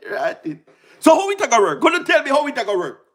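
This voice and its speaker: Talking a little fast, a Jamaican man with a very high voice rattles off excitable livestream commentary in a casual style. He laughs frequently between points, repeats himself and keeps asking his viewers rhetorical questions.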